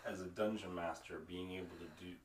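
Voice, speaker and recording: A male podcast host asking questions in a casual interview, enthusiastic and quick to put himself down. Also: sits low, steady tone. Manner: prompting questions, enthusiastic and self-deprecating. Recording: roomy, distant mic with faint noise.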